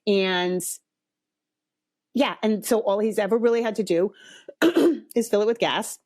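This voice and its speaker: A woman's voice: medium pitch, unhurried, darkish tone, dry recording, clean studio sound. A middle-aged woman hosting a podcast, telling a story in a frank, blunt way with some swearing. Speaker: podcast host. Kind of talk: casual storytelling monologue.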